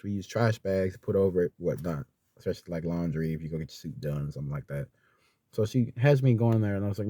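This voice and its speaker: In his vlog, a young man rambles heartfelt through a personal story, full of fillers and restarts and sometimes near tears. His darkish voice sits low and is animated, at a moderate pace, in a dry recording.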